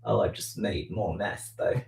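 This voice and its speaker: A man's voice: fairly low pitch, gravelly, darkish tone. A man chatting casually on a livestream while he frosts a cake at home, rambling and poking fun at himself, with lots of ums. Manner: slow, rambling, self-deprecating, many ums. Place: home kitchen. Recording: echoey room, voice far from mic.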